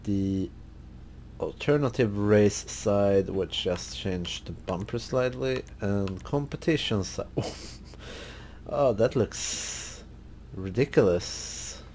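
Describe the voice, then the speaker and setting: Slow, low-voiced man narrating gameplay. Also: slight background noise. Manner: relaxed, thinking aloud while browsing car parts. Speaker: gaming channel host. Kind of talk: casual gameplay commentary.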